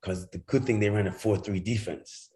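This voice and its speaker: Middle-aged man, lowish voice, animated storyteller who jumps into other people's voices and swears freely. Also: moderate pace. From Jamaica. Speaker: guest. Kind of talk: casual storytelling chat.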